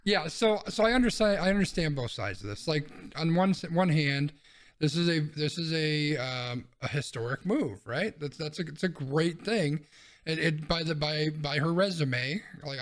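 Male co-host, measured and reasoning, repeats himself mid-thought, slightly raised pitch. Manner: reasoned, repeats words as he thinks. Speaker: podcast co-host. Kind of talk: casual chat.

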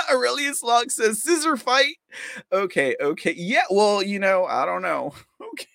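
A man's voice: high-pitched, wildly swooping pitch, measured pace, creaky, sharp tone, no room sound, studio quality. A man hosting a live podcast, rambling casually, mocking his targets with frequent laughs and reading viewer comments aloud. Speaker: podcast host.

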